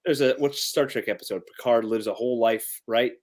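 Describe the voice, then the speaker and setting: A man's voice: mid-range voice, a little fast. Hesitant, apologetic man. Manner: hesitant, apologetic, many restarts. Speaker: panelist. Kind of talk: casual panel chat.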